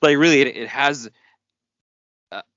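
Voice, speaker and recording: A man's voice: medium pitch, unhurried, a bit bright, dry recording. A man co-hosting a casual comics podcast, speaking bluntly with wry humor and casual swearing. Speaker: podcast co-host. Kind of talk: casual comic book discussion. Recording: dry, dull lo-fi sound.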